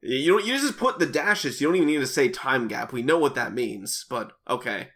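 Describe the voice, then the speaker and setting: A man's voice: mid-range voice, animated, brisk, sharp tone, breathy edge. A man co-hosting a comedy podcast, reading fanfiction aloud with wry, laughing asides.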